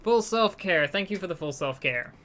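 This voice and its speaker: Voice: medium pitch, lively intonation, moderate pace, fairly bright tone, slight background noise. A streamer with a slight British accent chatting casually while playing a game live, answering chat and often restarting sentences.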